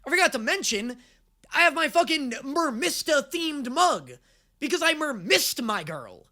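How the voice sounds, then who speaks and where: Excitable, profane reaction host man. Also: very high voice, unhurried, faint music behind. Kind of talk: casual reaction commentary.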